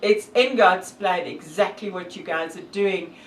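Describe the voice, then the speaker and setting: A woman's voice: fairly low pitch, measured pace, reverberant, distant mic, rough recording. A woman from South Africa with a South African accent, talking earnestly and devoutly to camera with many fillers. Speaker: hiker and vlogger. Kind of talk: casual talk to camera.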